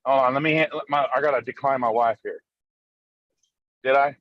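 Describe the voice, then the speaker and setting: A man telling a story over a phone call while driving, excitable and full of profanity. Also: medium pitch, moderate pace, no echo. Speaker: podcast co-host. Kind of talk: casual storytelling chat. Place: in a car, driving.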